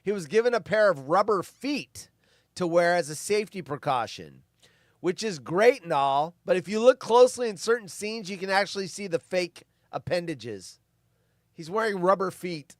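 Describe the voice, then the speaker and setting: A man's voice: high-pitched, animated, moderate pace, dry recording, clean studio sound. A man hosting a casual commentary, reading film trivia aloud and dropping offhand asides between the facts. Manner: reads facts, then adds offhand asides. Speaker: host reading movie trivia.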